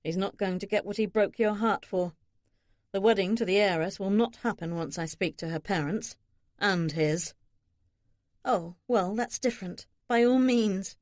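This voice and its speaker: A woman's voice: normal speed, no room sound, clean studio sound. A woman narrating a historical romance audiobook, giving characters light shifts in voice. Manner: expressive, shifts pitch for characters.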